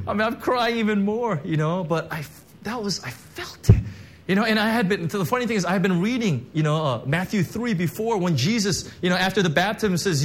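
With a fairly high voice, lively intonation and normal speed, a pastor of Korean heritage and church background shares his personal testimony in a sermon. He speaks emotionally and conversationally, often using fillers and restarting. Some hiss or hum is audible.

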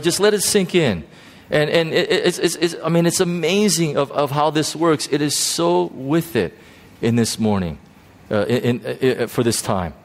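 A male pastor preaching a sermon in a church, animated and emphatic, often repeating himself as he builds to a point. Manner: animated preaching, rising to high pitch for emphasis, frequent repetitions.

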